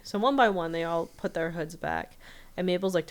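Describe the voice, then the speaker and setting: A woman co-hosting a podcast, casually recapping a cartoon episode with quick quoted voices and frequent laughter. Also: fairly low pitch. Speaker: podcast co-host.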